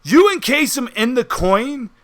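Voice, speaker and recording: A man's voice: extremely high pitch, sing-song, a little slow, fairly bright tone. A man narrating a tabletop horror game as game master, with dramatic descriptions and frequent laughter.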